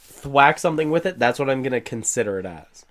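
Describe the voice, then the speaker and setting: Male game master, casual rambling scene narration, mid pitch. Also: expressive, a little fast. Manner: casual, rambling description with fillers.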